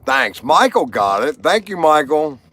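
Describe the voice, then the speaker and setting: A man's voice: a little high, sing-song, measured pace, pushed and bright. A man hosting a casual livestream, telling rambling stories and jokes to viewers and laughing at his own punchlines. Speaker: livestream host.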